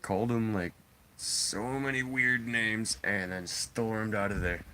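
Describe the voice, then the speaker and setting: A man with a somewhat low voice telling a story to his live stream chat. He is blunt and profane, swears freely and keeps the telling animated. Faint noise sits in the background. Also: slow. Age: adult father.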